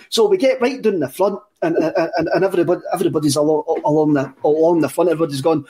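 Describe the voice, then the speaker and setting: A man's voice: on the high side, quick pace, few pauses, darkish tone. A Scottish man, a podcast co-host, telling a story in casual chat, rambling, repeating words and laughing often. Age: 30s.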